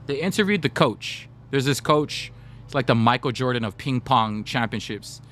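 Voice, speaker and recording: His voice is mid-range and a bit bright, with lively intonation at a normal speed. This young gaming streamer is chatty, spinning stories and talking straight to his viewers in the chat.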